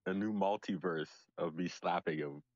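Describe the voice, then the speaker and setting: A man's voice: deep voice, moderate pace, a little mellow, no room sound, highs cut off, lightly acted. A man playing a boastful fake celebrity in an improvised comedy bit, joking brashly.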